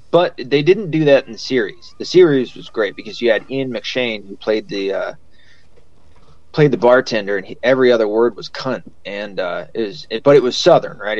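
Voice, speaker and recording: A man's voice: lowish voice, brisk, dry recording. Man, podcast host, casual rambling chat, curses a lot, dry slightly muffled sound. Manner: rambling, swears freely, many fillers.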